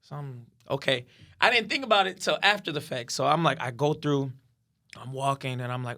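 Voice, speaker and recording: A man's voice: mid-range voice, normal speed, pushed and bright. A man as a podcast guest telling a story in casual talk, acting out what others said and swearing freely.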